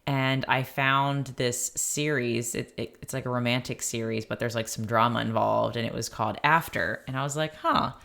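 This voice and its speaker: A woman's voice: a bass voice, fairly even intonation, normal speed, vocal fry, hardly any pauses, a bit bright. A woman co-hosting a podcast in casual chat, giggling often and talking with many fillers. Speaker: podcast co-host.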